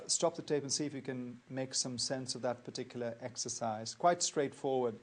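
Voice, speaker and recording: A man teaching accounting in a recorded lecture, explaining worked examples in a measured, methodical way and repeating key points. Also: fairly high pitch, a little mellow. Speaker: accounting tutor.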